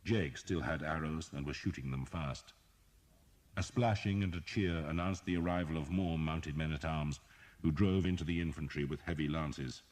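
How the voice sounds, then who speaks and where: A man reading an audiobook as narrator, in a measured, dramatic storytelling manner. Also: rumbling low, a little mellow. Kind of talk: scripted narration.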